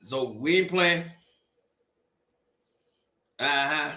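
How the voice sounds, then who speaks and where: A man hosts a football watch party from home. His high, bright voice bounces around a roomy space as he jokes loudly in slangy banter. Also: very slow. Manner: loud, joking, slangy banter. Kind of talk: casual chat. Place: home room. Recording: echoey room.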